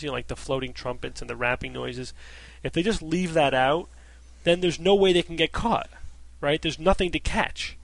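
A man's voice: a little high, no room sound. A male podcast host in casual panel chat, wry and skeptical, laughing often.

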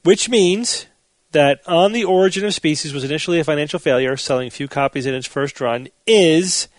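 A man hosting a podcast panel, explaining facts in a measured, steady way. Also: a little high, no echo. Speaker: podcast host. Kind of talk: casual panel chat.

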